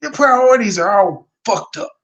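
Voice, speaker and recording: Gravelly, mocking male commentator. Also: high-pitched, animated, normal speed, dull audio. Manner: mocking, blunt, profane, rhetorical questions. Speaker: commentary host reacting to a livestream. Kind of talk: reaction commentary.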